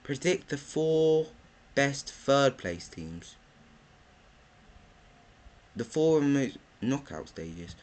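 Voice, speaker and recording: Slow rambling lad. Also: male voice, medium pitch. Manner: rambling, thinks aloud with many ums, bursts into excited chanting. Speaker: football vlogger. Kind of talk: casual predictions talk.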